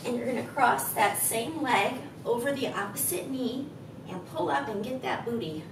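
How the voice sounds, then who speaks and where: A woman's voice: a little high, expressive, moderate pace, vocal fry, echoey room, distant mic, background noise. Chatty woman with a froggy throat. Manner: chatty, encouraging, rambles between cues. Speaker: fitness instructor. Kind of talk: guided stretching with chatty asides.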